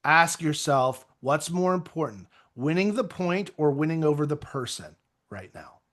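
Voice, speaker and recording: A man coaching real estate agents in an energetic, conversational motivational talk with self-deprecating asides. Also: on the high side, a little slow.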